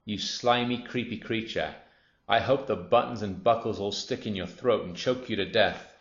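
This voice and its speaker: A man voicing a lively little monkey, raising his voice high and bright in a storybook reading. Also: normal speed, natural voice. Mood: horrified. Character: jittery chattering male monkey. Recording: roomy, dull lo-fi.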